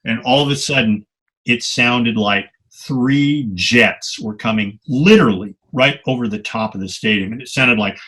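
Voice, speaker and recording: Older male guest, vivid anecdotal storyteller with a bright, forceful tone. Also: medium pitch, moderate pace. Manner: animated anecdotes, salty language. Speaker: guest photographer. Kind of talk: storytelling interview.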